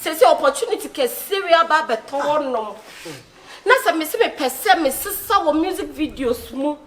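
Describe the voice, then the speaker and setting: A woman's voice: sits high, animated, moderate pace, recorded from a distance. A woman acting in a comedy skit, boastful and talkative.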